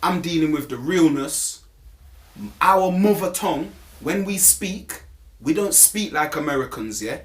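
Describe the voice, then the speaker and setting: A man's voice: on the high side, animated, moderate pace. Young guy, grime mc in a casual interview, lots of slang, keeps saying you get me, repeats words starting out. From England.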